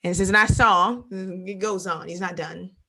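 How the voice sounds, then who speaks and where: A woman with a gravelly, lowish voice speaks at normal speed as she teaches a Bible lesson. Her style is an animated sermon, with acted-out quotations and phrases repeated for emphasis.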